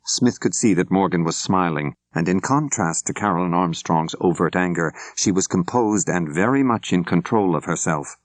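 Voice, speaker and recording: An older man narrating an audiobook in a measured, clear storytelling manner, close to the microphone. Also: low voice, no echo. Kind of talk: scripted narration. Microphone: close studio mic.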